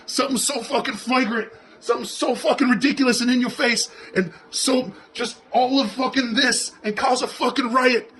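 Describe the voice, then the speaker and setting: A man's voice: very high voice, fairly even intonation, moderate pace, fairly bright tone, slight background noise. A man playing a crude, foul-mouthed police officer, ranting sarcastically and profanely as he comments on video footage.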